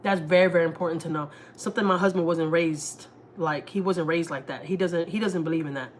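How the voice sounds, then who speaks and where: A woman talks on a casual family livestream, her voice sitting on the low side. She speaks frankly and heatedly, swearing freely as she vents. A faint background hum sits under the voice. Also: fairly quick. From Houston, Texas. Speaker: family vlogger. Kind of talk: casual live-stream chat.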